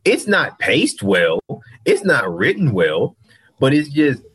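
A man's voice: medium pitch, huge pitch swings, slow pace, fairly bright tone, husky, low-quality recording. A man in casual chat, giving a frank opinion on a film to his co-host. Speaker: podcast co-host.

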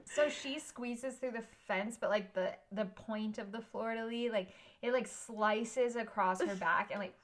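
A woman's voice: on the high side, a little slow. A woman co-hosting a podcast, recapping a film in a rambling, casual way, full of "like" and "um" and swearing freely. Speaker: podcast co-host. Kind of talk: casual movie recap chat.

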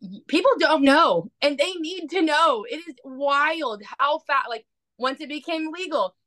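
Bright, high-voiced woman host. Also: lively intonation, dry recording. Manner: emphatic, quick to agree and reassure. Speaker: podcast host. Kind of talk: casual conversational interview.

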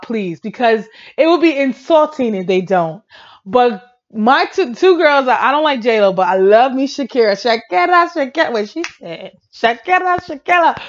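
A woman chatting casually about pop music and celebrity gossip, excitable, laughing often and breaking into song. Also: high-pitched, muffled recording. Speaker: pop culture vlogger.

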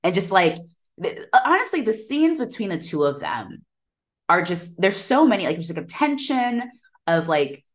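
A woman's voice: mid-range voice, moderate pace. A woman co-hosting a podcast, retelling film scenes in casual chat, acting out lines and laughing often. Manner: animated retelling, slips into quoted voices, laughs often. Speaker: podcast co-host.

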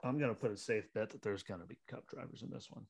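A man hosting a podcast, chatting casually about racing, animated and acting out scenes with rhetorical asides. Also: on the low side, fast talker, gravelly, breathy edge. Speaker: podcast host.

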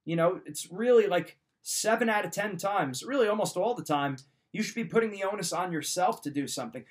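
A man's voice: sits high, lively intonation, a little fast. Emphatic man giving motivational advice. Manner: emphatic, repeats points, direct advice. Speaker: podcast host. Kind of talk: motivational talk.

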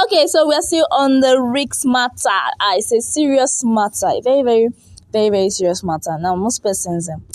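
A woman's voice: mid-range voice, darkish tone, dry recording. A young woman hosting a radio breakfast show, bubbly and chatty, repeating words for emphasis. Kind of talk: energetic radio talk.

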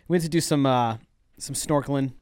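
A man from Arizona, co-hosting a casual chat and telling stories in an animated way. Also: medium pitch, a little fast, clear, resonant tone, dry recording, clean studio sound. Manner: chatty, animated storyteller. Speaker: podcast co-host.

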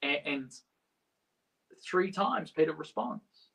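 A man preaching a sermon in a casual, halting way, restarting often and swinging between quiet and loud. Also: on the high side, lively intonation, gravelly, low-quality recording. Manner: halting, with many restarts and a wide swing in loudness. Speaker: pastor.

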